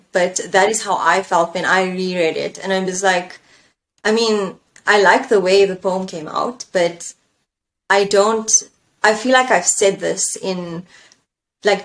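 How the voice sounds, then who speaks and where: A woman talks through her writing struggles in a reflective, searching way. She thinks aloud and often pauses on fillers, and her voice sits at an ordinary middle pitch. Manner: thoughtful, searching, with fillers and self-questioning. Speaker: poet and engineer, coaching guest. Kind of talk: reflective conversation.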